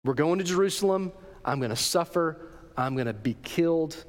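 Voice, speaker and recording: A man voicing Jesus as a calm grown man calmly laying out a grim plan, low and steady. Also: moderate pace, big-room sound, close to an everyday voice. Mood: solemn.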